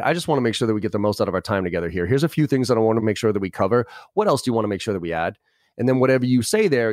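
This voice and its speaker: A man giving brash, animated sales advice in a podcast conversation, acting out both sides of sales calls. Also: mid-range voice, dry recording, studio quality. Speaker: sales trainer guest.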